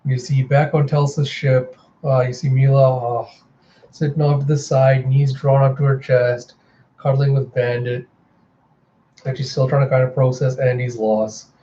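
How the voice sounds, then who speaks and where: Chatty man reviewing a comic, mellow, slightly dull home recording with a fan humming behind. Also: mid-range voice, moderate pace, a little hiss or hum. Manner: chatty, animated retelling. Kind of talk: casual readthrough narration. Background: fan running.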